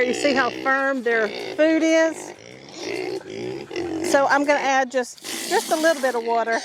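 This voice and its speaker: A homesteading woman talks to her viewers in a relaxed, folksy way. Her voice sits a little high. A faint hiss runs under the recording. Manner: folksy and chatty, addresses viewers as y'all. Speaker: homesteading vlogger. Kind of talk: casual chat to camera. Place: outdoors on a homestead.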